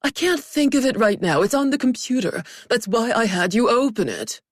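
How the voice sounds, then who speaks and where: A woman's voice: on the high side, lively intonation, normal speed, dry recording, clean studio sound, voice pushed up. A woman voicing a vain, self-absorbed male celebrity boss who talks in a commanding, dismissive way. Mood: bossy.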